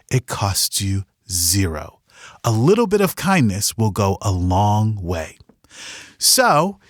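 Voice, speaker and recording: A man's voice: medium pitch, no echo. A man hosting a podcast, giving an earnest, upbeat motivational talk with a story from his past, on a studio mic. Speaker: podcast host. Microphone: studio microphone.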